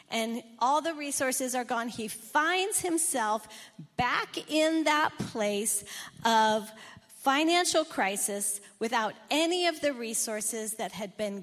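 A woman's voice: a little high, a bit bright, long reverb tail. A woman pastor preaching a sermon, telling a story in an earnest manner.

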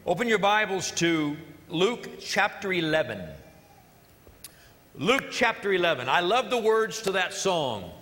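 A man's voice: high-pitched, animated, measured pace, sharp tone, in a large hall. A male pastor preaching a sermon in an earnest, emphatic way, repeating key phrases, during a church service.

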